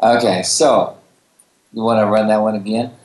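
A man's voice: lowish voice, fairly even intonation, moderate pace. A man co-hosting a casual talk show, teasing and talking in loose restarts. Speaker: co-host. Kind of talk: casual chat. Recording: roomy echo with faint background noise.

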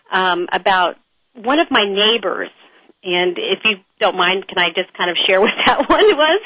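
A middle-aged woman guest telling frank stories in a lively conversational interview. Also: mid-range voice, dry recording. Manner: animated storyteller, frank and chatty. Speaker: author and guest. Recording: dull dry lo-fi sound.

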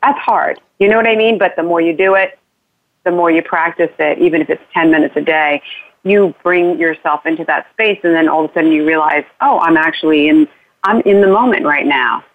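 A woman guest heard over a thin, phone-like line, her voice sitting fairly low. She talks earnestly and rambles, restarting her sentences as she explains things. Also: fairly quick. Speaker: author guest. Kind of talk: casual interview talk.

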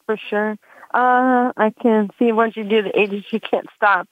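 A woman's voice: mid-range voice, fairly even intonation, measured pace, no echo. Rambling woman comedian, chatting through her stand-up bit with lots of fillers. The sound is dry and squeezed down like a phone call. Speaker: comedian guest. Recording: dry, tinny phone line.

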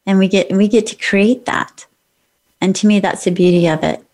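A woman's voice: mid-range voice, fairly even intonation, normal speed, a little mellow. A middle-aged woman hosting a radio talk show, upbeat and affirming in a spiritual, encouraging way. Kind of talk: casual interview chat.

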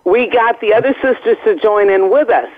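A woman's voice: fairly high pitch, a little fast. An older woman, a guest singer, chatting candidly on a phone call from outdoors and laughing often. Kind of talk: casual chat by phone. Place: outdoors, planes overhead. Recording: tinny phone line.

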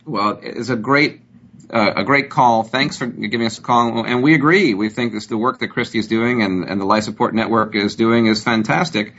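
A man's voice: on the low side, moderate pace, a bit bright, slightly rough. A man hosting a radio health show, talking in a friendly, conversational way with many fillers. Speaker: radio show host, doctor. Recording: dull lo-fi broadcast audio.

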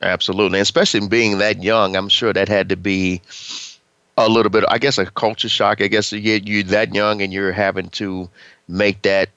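Very deep, smooth-voiced male radio host. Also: little pitch movement, normal speed, a bit bright, no echo, muffled recording. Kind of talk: radio interview.

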